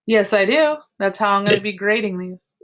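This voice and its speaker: A woman's voice: mid-range voice, animated, moderate pace, fairly bright tone. A woman art teacher teaching an online class from home over a computer mic, explaining step by step with chatty asides. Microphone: computer mic on a video call.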